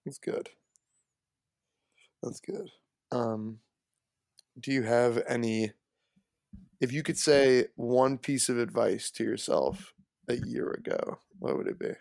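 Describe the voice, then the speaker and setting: A young man with a gravelly voice full of fry, co-hosting a casual podcast. He asks his questions in a playful, teasing way, and the recording is dry and close. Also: medium pitch, expressive, slow pace, long pauses, a little mellow, no echo. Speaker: podcast co-host asking questions. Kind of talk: casual chat.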